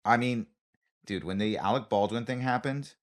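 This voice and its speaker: A man co-hosting a comedy podcast in casual chat, an animated storyteller who repeats phrases for emphasis. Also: lowish voice, moderate pace. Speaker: podcast co-host, comedian and actor.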